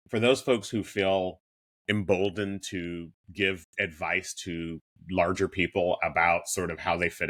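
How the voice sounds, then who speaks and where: A man's voice: low-pitched, bright, forceful tone. A man in his fifties co-hosting a podcast, chatting candidly and joking at his own expense. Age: 50s. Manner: candid, self-deprecating, with frequent restarts. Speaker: podcast co-host. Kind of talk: casual chat.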